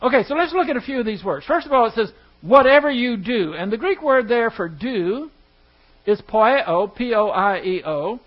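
Halting, high-voiced man teaching the Bible. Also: expressive, highs cut off. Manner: halting, stumbles and restarts words; asks the class rhetorical questions. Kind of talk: evening Bible study teaching.

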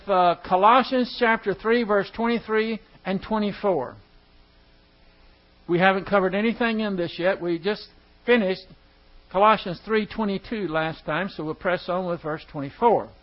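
A high-pitched man leads a Bible study, stumbling over words and starting them over as he explains a verse. He puts questions to his listeners as he goes. The recording sounds dull and muffled. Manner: halting, stumbles and restarts words; asks the class rhetorical questions. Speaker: Bible teacher. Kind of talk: evening Bible study teaching.

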